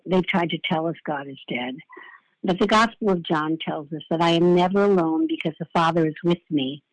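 A woman's voice: low voice, moderate pace, no room sound, poor audio. An older woman giving a devotional sermon in a reflective way, often repeating her key phrases. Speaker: preacher.

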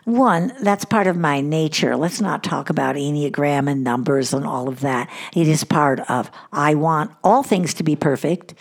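A woman's voice: low-pitched, moderate pace, creaky, few pauses. An older woman hosting a devotional podcast, talking in an earnest, reflective way and repeating words for emphasis. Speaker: podcast host.

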